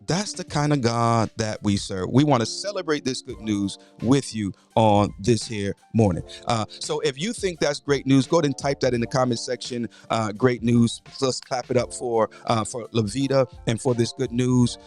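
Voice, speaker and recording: A man's voice: mid-range voice, moderate pace, few pauses, darkish tone, faint music behind. A middle-aged man hosting a morning inspiration livestream, preacherly and casual, greeting viewers by name and repeating his phrases.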